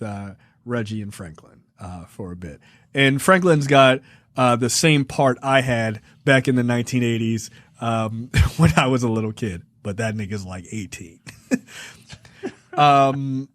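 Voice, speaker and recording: Man in his forties, podcast film reviewer, profane, laughing, animated retellings, middle-pitched voice, dry close sound. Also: no echo. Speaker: podcast co-host. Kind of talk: casual film review chat.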